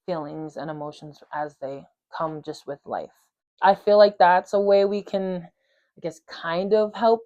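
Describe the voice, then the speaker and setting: Earnest woman host, low voice, dull sound. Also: a little mellow. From Polynesian community. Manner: earnest, conversational, many fillers and restarts. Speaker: podcast host. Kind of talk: reflective casual talk.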